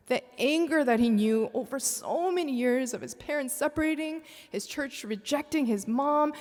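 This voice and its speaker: A woman's voice: on the high side, darkish tone. A woman on a church panel telling a personal faith story with feeling. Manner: emotional storytelling, breaks into tears. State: tearful, voice breaking. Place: large church sanctuary. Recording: long echo of a big sanctuary.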